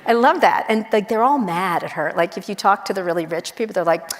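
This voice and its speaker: A middle-aged woman journalist chatting casually on stage, blunt and wry, telling quick animated stories with asides. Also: medium pitch. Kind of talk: casual onstage conversation. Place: large university auditorium. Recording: long auditorium reverb.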